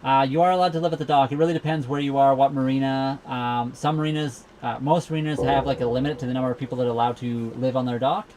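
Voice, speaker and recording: A man's voice: mid-range voice, fairly even intonation, quick pace, hardly any pauses, a little mellow, a little hiss or hum. Easygoing Canadian man chatting live. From Saskatchewan, Canada. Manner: rambling, easygoing, many fillers. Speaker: livestream host. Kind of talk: casual live Q&A chat. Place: cabin of a sailboat docked at a marina.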